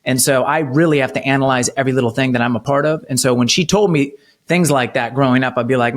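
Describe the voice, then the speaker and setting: A man in his thirties, a podcast guest, earnestly telling a personal story of faith, slowing down to stress key moments. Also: mid-range voice. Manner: earnest storytelling, slows for emphasis. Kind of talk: personal testimony in an interview.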